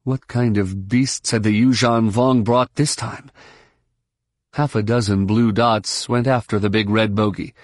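Steady male audiobook narrator, dry sound. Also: lowish voice, no room sound. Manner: steady, measured storytelling. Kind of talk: scripted narration.

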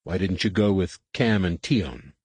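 A man voicing an earnest young boy Jedi trainee in an audiobook, his voice raised into a boyish pitch. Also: expressive, a little slow, a little mellow, husky, no room sound, full character voice.

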